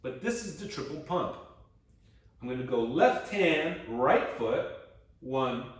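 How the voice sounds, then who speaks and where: A man's voice: medium pitch, expressive, slow. A man leading a guided floor stretching class, playful and encouraging as he counts breaths and reps. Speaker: exercise instructor. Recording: roomy echo, mic at a distance.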